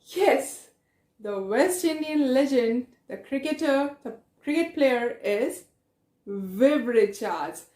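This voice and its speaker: A woman teacher with a South Asian English accent leads a reading lesson. Her voice is high and her pace slow and unhurried. She repeats her questions and praises answers often, and the sound rings around an echoey room. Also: lively intonation, mellow.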